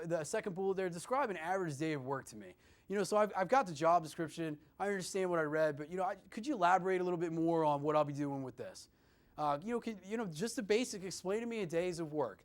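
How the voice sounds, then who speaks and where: Lively higher-voiced man coaching students. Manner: animated, addresses listeners as "guys", many "you know" fillers. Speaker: career services presenter. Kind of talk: instructional talk to students.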